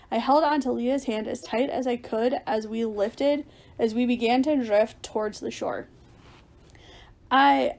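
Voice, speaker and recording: A woman reading a children's adventure chapter aloud as storybook narration, lively and raising her voice for the shouted lines. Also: on the high side. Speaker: audiobook reader.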